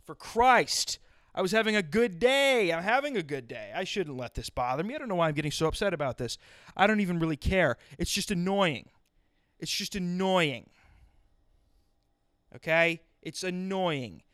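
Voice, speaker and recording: A man's voice: high-pitched, lively intonation, fairly quick, fairly bright tone, no room sound, studio quality. A man ranting solo on a podcast, exasperated and profane, swerving into sarcastic tangents. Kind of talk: solo comedic rant.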